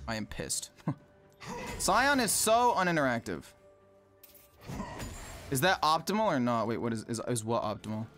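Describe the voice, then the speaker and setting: A man's voice: mid-range voice, big pitch swings, a little slow, long pauses, fairly bright tone. A man live-streaming gameplay, ranting in exasperation and swearing often as he plays. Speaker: gaming streamer. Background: game music and sound effects.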